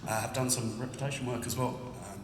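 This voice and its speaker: A man's voice: mid-range voice, steady tone, quick pace, a little hiss or hum. A man from the audience briefly introducing himself on stage, hesitant and full of fillers. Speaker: audience member. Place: conference hall. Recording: echoey hall from afar.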